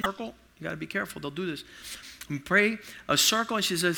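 Middle-aged male preacher, high and piercing, storytelling sermon with big swings in volume. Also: moderate pace, vocal fry. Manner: animated, acts out quotes with sudden loud outbursts and hushed asides.

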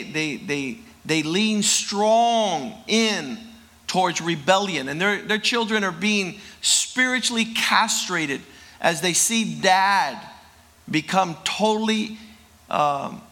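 A man's voice: high voice, sharp tone. A man preaching a sermon and leading a prayer, emphatic and drawn out, often repeating words. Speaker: pastor.

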